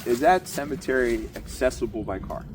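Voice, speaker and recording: A man's voice: medium pitch, lively intonation, fairly quick, slight background noise. A man hosting an interview, reacting briefly and asking curious questions. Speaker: podcast host. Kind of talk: casual interview chat.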